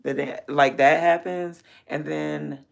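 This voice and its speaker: Gravelly woman chatting on her stream, blunt, swears a lot, laughs a bunch. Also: low voice, fairly even intonation, takes it slowly. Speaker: livestreamer. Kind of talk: casual livestream chat.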